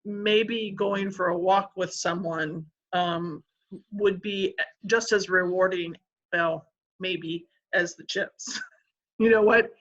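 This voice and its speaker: A woman's voice: fairly low pitch, fairly even intonation, takes it slowly, a bit bright, lo-fi sound. A woman taking part as a panelist in an online community discussion, talking in a friendly, conversational way with fillers, heard through a video call.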